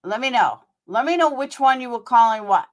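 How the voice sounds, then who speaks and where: A woman's voice: on the high side, lively intonation, a little fast. A woman hosting her channel, reacting to clips in a furious, profane, sarcastic rant.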